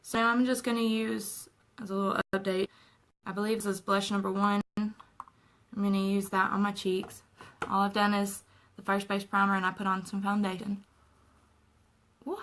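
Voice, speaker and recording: A woman's voice: medium pitch, little pitch movement, normal speed, fairly bright tone, low-quality recording. A young woman chatting casually and earnestly while doing her makeup at home in a tutorial vlog. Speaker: makeup vlogger.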